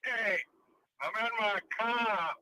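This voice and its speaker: A man's voice: high-pitched, slow pace, pushed and bright, rough recording. Man calling in from his car. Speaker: caller.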